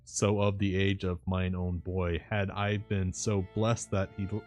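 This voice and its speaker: A man reads as an elderly professor, grieving yet philosophical, his low voice winding through long, old-fashioned, broken-English sentences. The reading has a soft music bed underneath. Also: little pitch movement, unhurried, dry recording. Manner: archaic broken-English phrasing.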